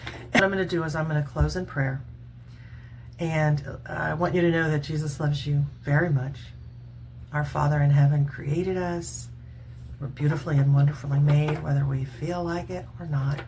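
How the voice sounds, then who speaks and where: A woman's voice: sits low, steady tone, normal speed, darkish tone, a little hiss or hum. A woman in her sixties talking casually and earnestly at home to her camera, laughing now and then as she chats. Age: 60s. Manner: chatty, earnest, laughs often. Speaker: vlogger. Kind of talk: casual makeup chat and testimony.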